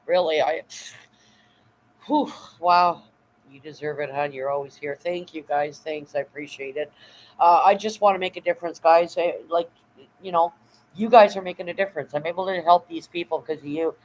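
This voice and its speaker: On a low-quality recording, a middle-aged livestream host speaks in a deep voice at a moderate pace. She gushes emotionally, wanders through her thoughts with filler words, and repeatedly thanks those watching.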